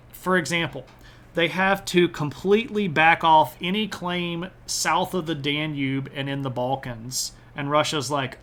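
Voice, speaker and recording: A man with a slightly raised voice talks through history in a loose, joking way. He reads chat names aloud and breaks into quick silly voices for the nations. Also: on the high side, a bit bright. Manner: answers chat by name, chuckles. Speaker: history streamer. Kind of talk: casual live-stream history talk.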